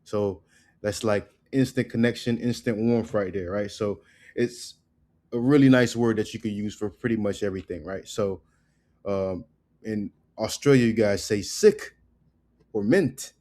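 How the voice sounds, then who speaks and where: Laid-back guy teaching a lesson, low voice, takes his time, keeps saying right?. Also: mellow. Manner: loose, repeats "right?" often, drills words slowly. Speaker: language teacher. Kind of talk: casual spoken lesson.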